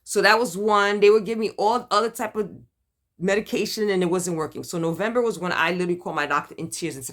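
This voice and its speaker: A middle-aged vlogger from Brooklyn, New York, with a strong Brooklyn accent, shares her cancer journey in a candid video diary. She talks fast and hyper, animated and dramatic, with emphatic swings in pitch and loudness.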